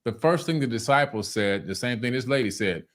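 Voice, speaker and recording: A man on a panel telling an old parable in a calm, measured way. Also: medium pitch. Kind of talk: storytelling.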